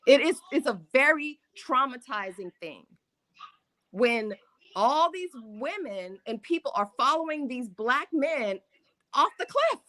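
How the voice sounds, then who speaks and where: A woman's voice: sits high, big pitch swings, unhurried, pushed and bright, no echo. A woman calling in to a show, telling a story emphatically and emotionally, often laughing. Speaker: caller. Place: Harlem.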